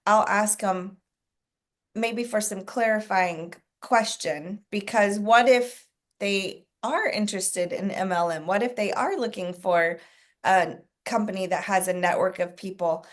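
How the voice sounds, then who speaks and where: A woman hosting a sales training call, leading a group discussion with a steady stream of questions and explanations. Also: mid-range voice, measured pace.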